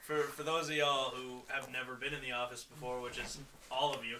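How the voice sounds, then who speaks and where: A man's voice: medium pitch, flat delivery, brisk. A man co-hosting a casual wrestling podcast from a small office, talking in a laid-back way with hesitant restarts. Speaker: podcast co-host. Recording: roomy, noisy office recording.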